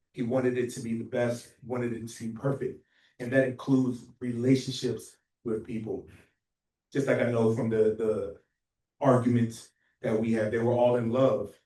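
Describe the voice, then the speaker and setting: A man giving a memorial tribute for a friend, telling lively stories and acting out their phone calls with laughter. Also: mid-range voice, far from the mic. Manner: animated, acts out phone calls, laughs often. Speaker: memorial speaker, friend and co-author. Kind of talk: storytelling tribute speech. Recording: echoey hall heard from afar.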